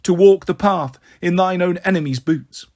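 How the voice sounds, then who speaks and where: A man voicing a possessed girl who chants a prophecy in a deep, neutral monotone, read slowly in an audiobook. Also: close to an everyday voice. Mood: solemn chanting.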